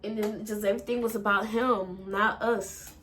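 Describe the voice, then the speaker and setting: A young woman telling an emotional story in a halting way, full of fillers and swearing, and fighting back tears. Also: medium pitch, fairly even intonation, a bit bright, a little hiss or hum. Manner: halting, with many fillers and profanity. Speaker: vlogger.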